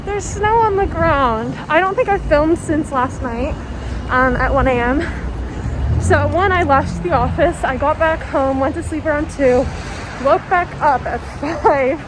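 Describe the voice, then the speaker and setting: Young woman, high voice, casual chatty vlog, loud street noise behind. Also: a little slow, crowd noise. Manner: chatty, swears freely, laughs often. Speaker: vlogger. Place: outdoors on city streets.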